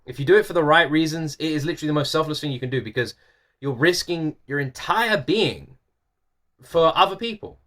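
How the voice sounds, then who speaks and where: A young man with a fairly high, expressive voice and a fairly bright tone talks briskly while hosting a music reaction video. Irish-born and raised in the UK, he has a mixed British accent and rambles earnestly through casual commentary with lots of fillers and repeats.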